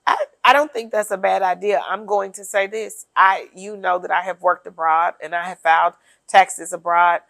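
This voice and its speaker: A woman's voice: fairly low pitch, level tone, moderate pace, gravelly, a bit bright, dry recording. Emphatic woman in dry close sound. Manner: emphatic, sardonic, lays out points one by one. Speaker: podcast co-host. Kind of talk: casual political chat.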